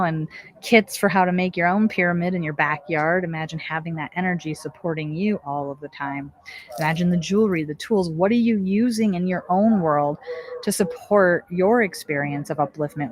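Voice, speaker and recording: Earnest woman hosting spiritual radio. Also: fairly low pitch. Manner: earnest, encouraging, asks many rhetorical questions. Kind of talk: inspirational spiritual talk.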